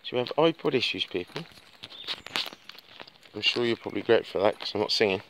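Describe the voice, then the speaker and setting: A man rambling chattily into his phone while walking home on a dark road at night, swearing freely as he talks. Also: on the low side, expressive, fast. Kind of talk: casual vlog monologue. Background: birds tweeting, faint outdoor noise.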